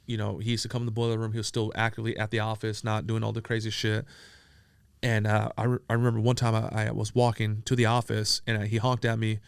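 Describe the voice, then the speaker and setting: A man from San Diego telling profane, animated stories as an interview guest, acting out the dialogue he quotes. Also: on the low side, fast talker, creaky, smooth, no echo, studio quality. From San Diego, USA. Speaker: entrepreneur guest. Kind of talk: casual storytelling interview.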